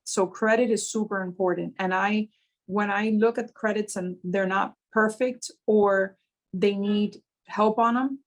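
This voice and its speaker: A woman talks through her experience as a mortgage business owner. She tells stories with animation and slows deliberately on the points that matter, in an easy conversational interview. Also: mid-range voice, low-quality recording. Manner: animated storytelling, slows down to stress key points.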